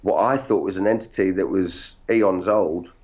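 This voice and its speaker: Low-voiced actor guest, muffled audio. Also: male voice, normal speed. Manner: animated, self-deprecating storyteller. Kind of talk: casual interview chat. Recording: dull lo-fi audio.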